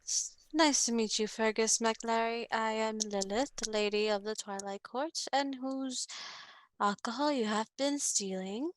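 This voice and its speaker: A woman's voice: fairly high pitch, fairly even intonation, measured pace, dry recording, close to an everyday voice. A woman playing a proud court lady. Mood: stern. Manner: firm, accusing.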